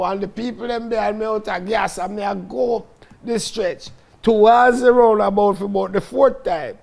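A man with a Jamaican Patois accent telling stories from his own life in a lively, dramatic way, often calling out to his listeners. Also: sits high, creaky. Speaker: storyteller recounting his life. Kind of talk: casual spoken autobiography.

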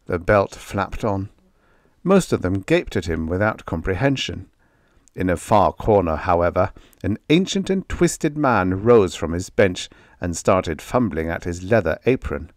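A man narrating a vintage horror short story in a measured, expressive style. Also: low voice, dry recording, studio quality. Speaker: audiobook narrator.

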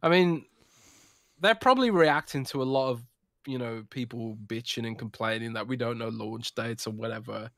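A man co-hosting a podcast, talking in a relaxed, musing way and laughing easily. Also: mid-range voice, normal speed, dry recording, clean studio sound. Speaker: podcast co-host. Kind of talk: casual podcast chat.

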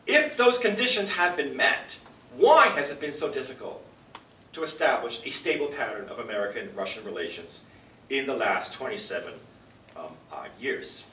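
A man's voice: medium pitch, animated, normal speed, bright, forceful tone, far from the mic, a little hiss or hum. Man lecturing in an echoey hall. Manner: emphatic, rhetorical questions and asides to the audience. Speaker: professor giving a public lecture. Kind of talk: public lecture. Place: lecture room with an audience.

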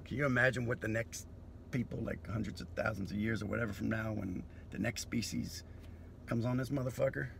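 Comedian, male, gravelly edge, bright tone, swearing rant. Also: fairly low pitch, steady tone, brisk, a little hiss or hum. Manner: profane, philosophical ranting. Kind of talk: comedic monologue.

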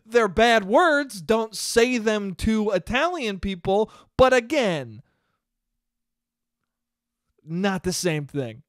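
A man's voice: high voice, slow, pauses often, no echo, studio quality. A man hosting a casual solo podcast, ranting with frequent laughter and casual swearing. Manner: laughs often, swears freely, animated. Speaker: podcast host.

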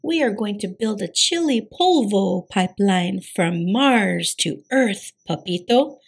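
A woman's voice: medium pitch, expressive, slow, creaky, breathy edge, full character voice. A woman voicing the smallest male chihuahua of a gang, a cheeky, laid-back character who drawls slangy lines with mock Spanish flourishes.

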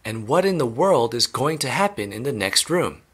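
A man's voice: mid-range voice, sing-song, moderate pace, slightly rough. A man voicing a cheerful old grandfather who asks eager, wondering questions. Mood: amazed.

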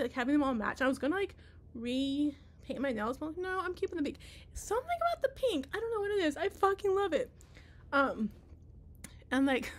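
A young woman chatting casually in a vlog, bubbly and giggly, rambling, a little out of breath. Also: high voice. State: out of breath from dancing. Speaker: vlogger and teacher. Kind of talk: casual chat.

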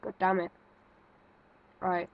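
A woman's voice: on the low side, little pitch movement, slow, lo-fi sound. A woman giving nervous, jumpy let's-play commentary, thinking aloud and exclaiming as she plays. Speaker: gaming video creator.

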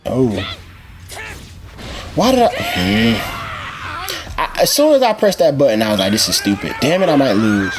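A young man giving excited, trash-talking commentary as he plays a fighting game. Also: medium pitch, a little fast, background noise. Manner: excitable trash talk, shouting at the screen. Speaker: gaming channel host. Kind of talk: live gameplay commentary. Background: game music.

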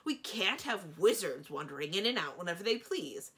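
A woman voicing a brisk, insistent female dragon in a storybook reading. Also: on the low side, very animated, fairly bright tone, voice pushed up.

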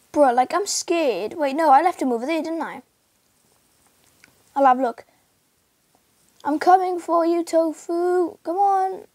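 High-voiced excitable woman gaming. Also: takes it slowly, long pauses, dry recording. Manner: excitable, calls out and yelps while playing. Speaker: gameplay video host. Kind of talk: casual game commentary. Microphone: screen recorder mic.

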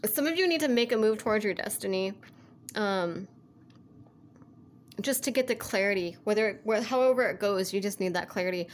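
A woman's voice: mid-range voice, lively intonation, normal speed, long pauses, a little hiss or hum. A woman giving a casual tarot reading who rambles, repeats herself and keeps saying "like" and "you know", in an earnest, coaxing way. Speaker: tarot reader.

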